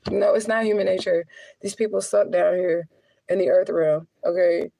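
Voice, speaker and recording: A woman's voice: fairly low pitch, fairly even intonation, moderate pace, creaky, dark tone. A woman talking casually to her viewers in a blunt, profane, chatty way, often laughing between heavier remarks. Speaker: spiritual adviser and vlogger.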